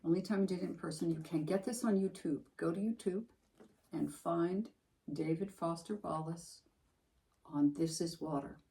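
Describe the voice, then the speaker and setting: On a roughly recorded podcast, a woman co-host with a gravelly, lowish voice talks about a book that was important to her at a normal pace. Her casual book chat is animated and emphatic, full of restarts as she thinks out loud.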